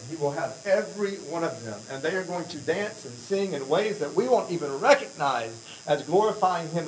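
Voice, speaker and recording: A man's voice: fairly high pitch, a little hiss or hum, poor audio. An American man speaking earnestly at a church mission presentation, rambling a little with fillers and restarts. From United States.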